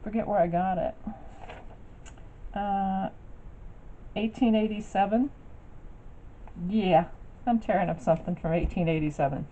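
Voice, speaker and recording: In a dark-toned, mid-range voice, a woman speaks at a measured pace with long pauses. She's a craft vlogger in a rambling show-and-tell, restarting sentences and using many fillers as she presents her crafts to the camera, captured in dull lo-fi audio with faint noise.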